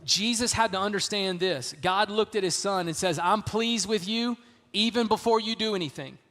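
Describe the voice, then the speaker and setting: A man's voice: high voice, normal speed, sharp tone. A middle-aged man preaching a sermon as pastor, emphatic and repetitive, often saying "man". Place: church sanctuary. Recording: reverberant church hall.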